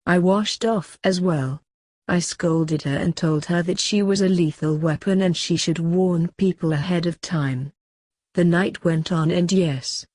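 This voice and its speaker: Female narrator, slightly low pitch, flat sardonic read of a crude story, very dry room. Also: no room sound.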